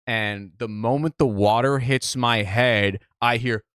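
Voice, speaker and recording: A young Midwestern American man, co-hosting a casual podcast, tells a rambling story at an unhurried pace, swearing freely and acting out every quote like an animated storyteller. His middle-pitched voice is smooth and resonant. The sound is close and dry, with no room sound.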